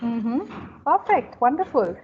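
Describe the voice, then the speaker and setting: A woman's voice: a little high, very animated, slow, narrow, tinny audio, a little hiss or hum. A woman from India hosting an interview as a communication coach, encouraging and full of affirmations. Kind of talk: conversational interview.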